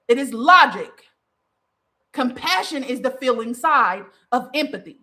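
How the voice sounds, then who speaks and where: A woman's voice: sits high, animated, a little slow, pushed and bright. A young woman hosting a talk show, giving spiritual advice in a blunt, profane, heated monologue that mocks the people she quotes. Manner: blunt, profane, emphatic with mocking quoted voices. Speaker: podcast host and spiritual advisor.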